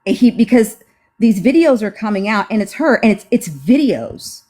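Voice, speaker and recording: A woman's voice: fairly high pitch, moderate pace, darkish tone. A woman on a casual livestream, sassy and emphatic, roasting the people she talks about. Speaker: friend co-hosting the live. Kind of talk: casual live chat.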